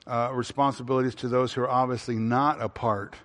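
A man's voice: mid-range voice, flat delivery, fairly quick, a bit bright, long reverb tail. A male pastor preaching a sermon, asking the congregation questions and answering them himself, repeating phrases for emphasis, with frequent fillers.

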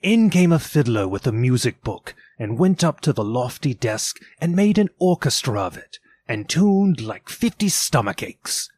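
A man narrates a classic tale in a theatrical, expressive reading voice. His pitch moves in a lively, animated way. The recording is dry and close, with no room sound. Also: unhurried, few pauses, no echo. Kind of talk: dramatic audiobook reading.

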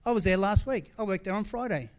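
A man's voice: high-pitched, expressive, fast talker. A middle-aged man preaching a sermon as pastor, speaking candidly and conversationally with frequent restarts and asides. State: tearful at times.

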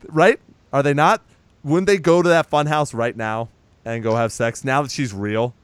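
A man's voice: medium pitch, fairly even intonation, moderate pace, clear, resonant tone, no room sound. A man in casual chat, recapping a movie as a podcast host, chatty and teasing, swearing now and then.

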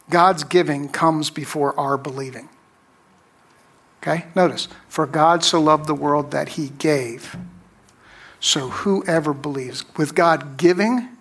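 Slow, emphatic male pastor. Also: fairly high pitch, a bit bright. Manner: slow, emphatic preaching with long pauses. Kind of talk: sermon.

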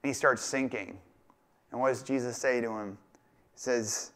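Here the male preacher uses a medium pitch and fairly bright tone at normal speed. He keeps the sermon conversational, sometimes voicing quoted lines and joking with a laugh.

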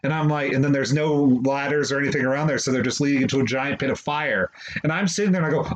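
A man's voice: mid-range voice, quick pace. A man co-hosting a podcast, telling a story in casual chat and laughing often. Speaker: podcast co-host. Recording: dull lo-fi audio, faint hiss.

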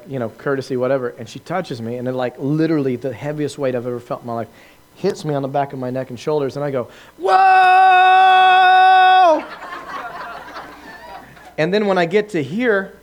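A man preaching a lively testimony, telling his story with laughs and acted-out quotes to a live audience. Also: on the high side. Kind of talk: sermon testimony.

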